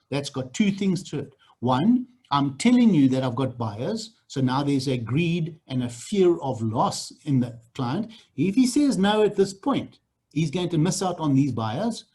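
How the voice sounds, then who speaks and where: A man's voice: on the high side, darkish tone, breathy edge. A man running a sales training on a video call, blunt and repetitive. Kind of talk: online training session.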